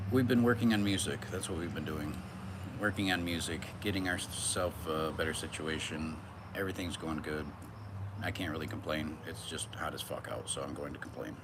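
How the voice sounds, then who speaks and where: Young man, very low voice, loose swearing livestream host, noisy background. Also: normal speed, pauses often. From United States. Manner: rambling, rhyming, swears often, playful. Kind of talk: casual livestream chat. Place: Michigan, summer heat.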